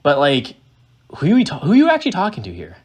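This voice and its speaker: A man's voice: a little high, wildly swooping pitch, quick pace, a little mellow, breathy edge. A man giving casual reaction commentary on a political speech, ranting in a sarcastic, profane, exasperated way.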